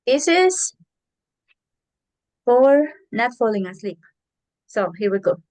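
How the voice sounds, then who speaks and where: A woman's voice: a little high, big pitch swings, slow pace, darkish tone. A woman teaching an English class over a video call, patiently repeating herself as she explains.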